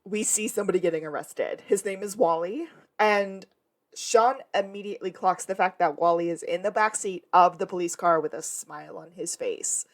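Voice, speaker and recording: A woman's voice: lowish voice, normal speed. Woman recapping plot on a podcast. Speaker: podcast co-host. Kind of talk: casual chat recap.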